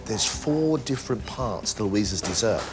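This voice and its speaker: A man judging a cooking competition, weighing each dish in a measured way. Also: on the low side, animated. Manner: measured, evaluative. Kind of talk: judge's commentary. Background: background music.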